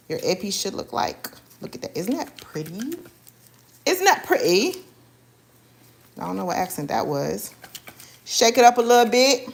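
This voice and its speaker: A Haitian cooking vlogger chats away while cooking live for viewers in her home kitchen, calling them y'all. Her voice is fairly low and a bit bright, with a little hiss or hum in the recording.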